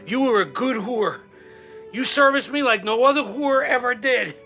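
A man's voice: very high-pitched, moderate pace, sharp tone, exaggerated voice. An actor playing a crude, sentimental older man giving a mock-tender farewell in a TV comedy scene. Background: faint music.

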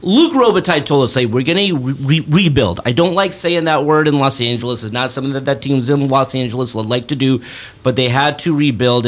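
A man hosting a sports podcast in a chatty style, often stopping to correct himself. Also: mid-range voice. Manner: chatty, self-correcting, animated. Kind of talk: casual sports talk.

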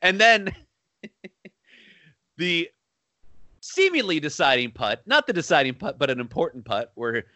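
An upbeat man chatting casually about a film, his voice bright and forceful and pitched a touch high. He laughs often as he rattles through favorite lines. The sound is close and dry. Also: sing-song, measured pace, pauses often, no echo. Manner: enthusiastic, laughs often while quoting lines. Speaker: podcast co-host. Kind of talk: casual movie chat.

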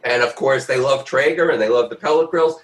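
A man hosts an interview in an eager, enthusiastic way, restarting his sentences as he goes. His mid-pitched voice sounds roomy. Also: brisk. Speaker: host. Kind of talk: interview hosting.

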